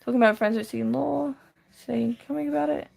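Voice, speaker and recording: Chatty Australian woman, higher voice. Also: a little fast, gravelly, darkish tone. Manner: chatty, answers chat aloud with light laughter. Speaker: live streamer. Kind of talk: casual live-stream chat while drawing. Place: her room.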